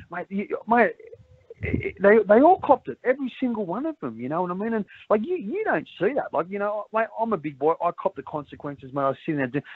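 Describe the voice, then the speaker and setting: A middle-aged Australian man with a fairly high voice rambles through a candid interview, stumbling over repeated words and dropping "mate" into nearly every sentence. His voice comes through thin and phone-like, with a dry, close sound and no room echo. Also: breathy edge. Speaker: interview guest. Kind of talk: candid conversation.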